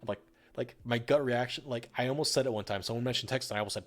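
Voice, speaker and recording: A man's voice: mid-range voice, rapid-fire. A young man from the northern United States, chatting casually while he paints on a livestream, rambling and swearing freely with lots of fillers. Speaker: streamer. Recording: faint music behind.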